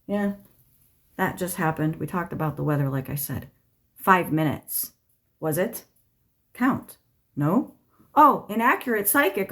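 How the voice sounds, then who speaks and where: Rambling, profane woman channeling solo. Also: on the low side. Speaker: tarot channeler, host. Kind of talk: casual stream-of-consciousness monologue. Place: indoors at home, walks between rooms.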